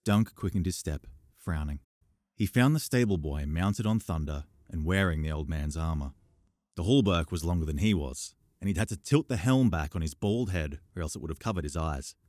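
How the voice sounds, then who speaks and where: A man narrates an audiobook in a measured, expressive way. His voice sits low but moves a lot in pitch. The recording is dry and close. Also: no echo.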